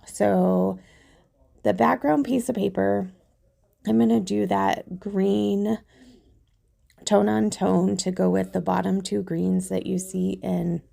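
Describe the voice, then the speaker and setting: A woman with a hoarse, husky voice from a cold, chatting casually as she walks through a craft project in her tutorial video. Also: mid-range voice, mellow. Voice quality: gravelly, husky. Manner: chatty, self-deprecating. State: hoarse from illness.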